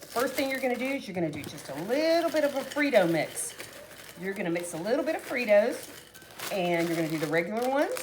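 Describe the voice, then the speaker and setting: A woman's voice: a little high, very animated, fast, background noise. A woman hosting a casual home cooking video, chatty and folksy, talking straight to her viewers.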